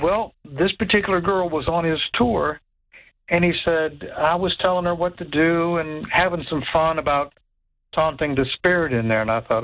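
A man telling a ghost story in an animated way, stammering, repeating words and acting out what others said. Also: on the high side, moderate pace, phone-quality sound. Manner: stammers and repeats words, acts out quoted voices. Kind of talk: animated spoken anecdote.

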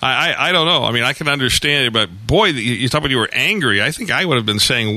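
Radio host, man, bright tense tone, dry close mic, animated incredulous questioning. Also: medium pitch, quick pace, few pauses, no room sound. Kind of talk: radio interview.

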